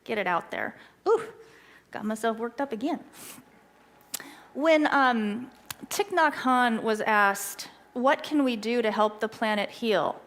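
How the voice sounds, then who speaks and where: A middle-aged woman giving an earnest, excitable talk at a church, telling stories from her own life. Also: fairly high pitch, slow. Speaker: guest speaker.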